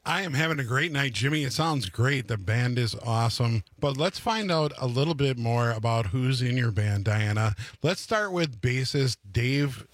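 A man's voice: medium pitch, animated, moderate pace, few pauses, dry recording. A man co-hosting a live radio show, casually asking band members about their backstories. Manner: friendly conversational questioning. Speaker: radio co-host. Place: radio studio.

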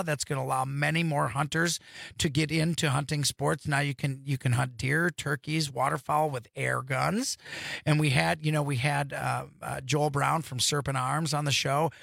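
A man's voice: fairly high pitch, level tone, moderate pace, vocal fry, fairly bright tone, no room sound. A male radio host in a studio, chatting enthusiastically and rambling through stories. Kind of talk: casual radio chat.

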